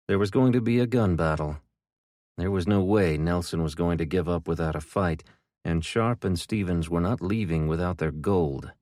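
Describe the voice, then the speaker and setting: A man reading an audiobook in a steady, even narration. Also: sits low, no room sound, clean studio sound. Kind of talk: scripted narration.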